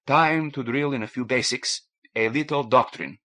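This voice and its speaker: A man's voice: medium pitch, moderate pace, pushed and bright, lightly acted. A man voicing a big, bearded male gunner who speaks bluntly and insistently.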